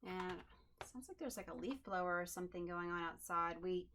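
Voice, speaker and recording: A woman's voice: on the low side, brisk, a bit bright, a little hiss or hum. Chatty woman giving a craft tutorial. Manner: chatty, upbeat, thinking aloud as she works. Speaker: crafting channel host. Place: home craft desk.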